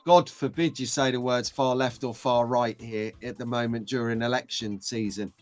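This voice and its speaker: A middle-aged British man hosting a casual live stream, chatty and excitable, greeting viewers by name. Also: mid-range voice, moderate pace, soft background music.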